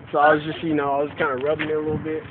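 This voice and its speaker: A young man, drunk, telling a rambling deadpan story to friends late at night, recorded on a phone outdoors. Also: fairly high pitch, racing. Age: young adult. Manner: rambling, deadpan, many "you know what I'm saying". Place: outdoors at night, near a car. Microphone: phone camera. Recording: tinny lo-fi phone video with hiss.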